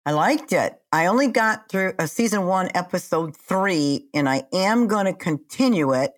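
A retired woman in her sixties, chatting casually as a podcast co-host in an animated, self-mocking way. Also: fairly low pitch. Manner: animated, chatty, quick to laugh at herself. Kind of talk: casual chat.

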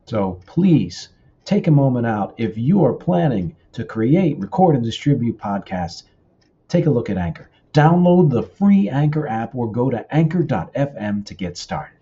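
A man reads a sponsor spot for his podcast, upbeat and promotional. His pitch moves animatedly while his tone stays mellow and dark. The recording sounds dull and lo-fi. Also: sing-song, moderate pace. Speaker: podcast host reading a sponsor ad. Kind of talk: read advertisement.

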